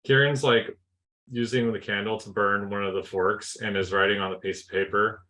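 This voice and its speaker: A man's voice: lowish voice, fairly even intonation, normal speed, bright, forceful tone, poor audio. A man playing a tabletop game, explaining his moves in a rambling way with many fillers. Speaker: player. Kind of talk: casual tabletop play.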